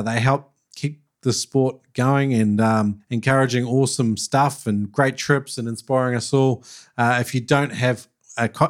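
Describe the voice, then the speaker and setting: A man hosting a podcast interview in a chatty, upbeat way. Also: mid-range voice. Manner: upbeat, chatty, laughs easily. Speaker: podcast host. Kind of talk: casual interview chat.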